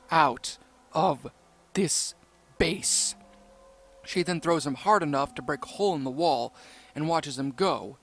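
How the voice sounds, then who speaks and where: A man reading a creepypasta story aloud in a steady, measured narration. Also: a little high.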